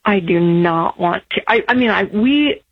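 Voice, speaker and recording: Woman radio caller, halting and emotional, husky voice over a muffled phone line. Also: mid-range voice, lively intonation, no room sound. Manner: emotional, halting, many restarts.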